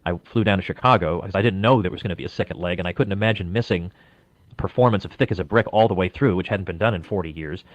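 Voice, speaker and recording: A fairly low-voiced man talks quickly through his interview questions, leading in with little personal stories. The audio is dull and dry. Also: dry recording. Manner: chatty, personal anecdotes before questions. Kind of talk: radio-style interview questions.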